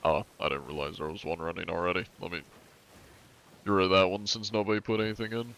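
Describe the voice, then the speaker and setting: Brief: male streamer in his twenties, lowish voice, dry wry humor, casual gaming chat. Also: level tone, fast talker, creaky, fairly bright tone.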